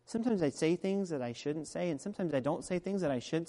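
A man preaching a sermon as pastor, talking in a conversational way that drops to quiet asides and rises to loud, emphatic peaks. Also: a little high, lively intonation, fast talker, hardly any pauses. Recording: long reverb of a large hall.

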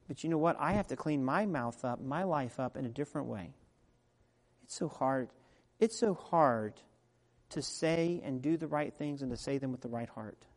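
A male pastor delivering a sermon in a chatty, familiar way, his voice sitting at a middling pitch. He slips from quiet, close asides into loud, pressing emphasis. A long reverb trails behind him as it fills a big church hall. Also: brisk, few pauses. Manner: conversational preaching, swings between soft asides and loud emphatic peaks.

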